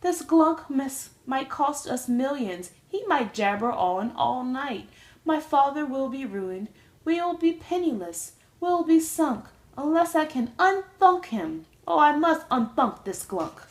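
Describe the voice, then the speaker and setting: A woman's voice: sits high, expressive, slow pace, pitched above the performer's own voice, exaggerated voice. A woman voicing a frantic little girl crying out in a storybook reading. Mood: panicked. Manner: cries out in alarm.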